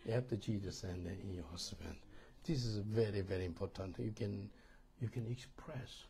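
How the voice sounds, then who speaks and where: Gravelly Korean-accented man preaching. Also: lowish voice, moderate pace, mellow, a little hiss or hum. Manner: emphatic, repetitive, keeps checking "do you understand?". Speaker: pastor teaching a marriage course. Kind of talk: sermon-style teaching to a congregation.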